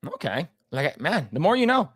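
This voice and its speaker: A man's voice: on the high side, big pitch swings, moderate pace, a bit bright, husky, no echo, clean studio sound. A man co-hosting a casual livestream podcast, reading chat comments aloud in a laid-back way and laughing often.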